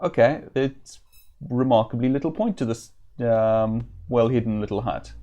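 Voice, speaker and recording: A man giving casual let's-play commentary while slightly ill, chatting and reading game text aloud with occasional throat clearing. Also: mid-range voice, a little slow, mellow, lo-fi sound. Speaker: streamer.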